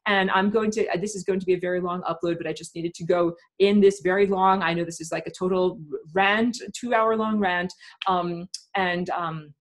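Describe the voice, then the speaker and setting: A woman teaching a live webinar, talking in an emphatic, impassioned rant with many pauses and fillers. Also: on the low side, fairly even intonation.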